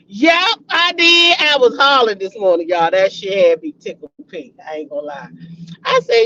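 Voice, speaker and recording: A woman's voice: high voice, unhurried, muffled recording, slight background noise. A woman hosting a casual gossip vlog, laughing a lot and cursing freely as she talks. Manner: laughing, profane, excitable. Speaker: host.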